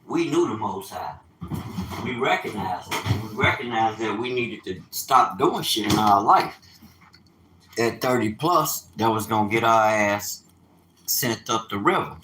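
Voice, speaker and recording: A man in his fifties telling stories on a casual livestream, animated and streetwise, with sudden loud outbursts. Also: fairly low pitch, unhurried, echoey room, a little hiss or hum, poor audio. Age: 50s. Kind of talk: casual storytelling.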